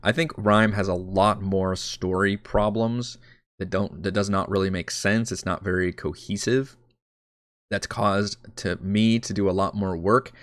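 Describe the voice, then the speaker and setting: A man's voice: low voice, steady tone, measured pace, dry recording, studio quality. A man preparing his tabletop game on a live stream, talking casually, rambling and correcting himself. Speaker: dungeon master.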